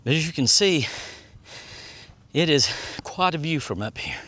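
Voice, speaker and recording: A man's voice: fairly high pitch, very animated, unhurried, pushed and bright, slightly rough. A man giving casual, rambling touring commentary outdoors and reading signs aloud as he goes. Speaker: vlogger and tour guide. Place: outdoors at a historic site on a hot day.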